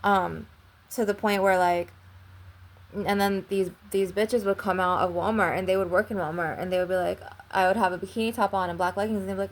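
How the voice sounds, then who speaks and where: A woman's voice: medium pitch, steady tone, a little fast. A young woman vlogger telling a long personal story in a casual, rambling way, filling it with "like" and frequent swearing.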